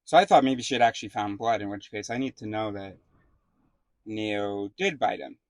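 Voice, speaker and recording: Speaking to the camera, a vlogger with a lowish voice rambles casually through a story at a moderate pace, swearing freely. His speech is full of fillers and restarted sentences, and the recording has no room sound.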